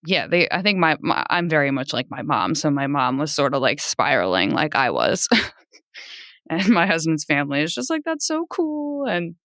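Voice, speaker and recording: A woman in her thirties, a podcast guest, telling a personal story in an animated way, laughing often and jumping high when she quotes people. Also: normal speed, no room sound, clean studio sound.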